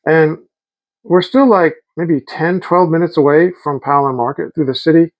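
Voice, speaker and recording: A man's voice: a little high, normal speed, highs cut off. A middle-aged man telling rambling, enthusiastic stories in a casual vlog. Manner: rambling, enthusiastic, quotes people in voices. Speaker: vlogger.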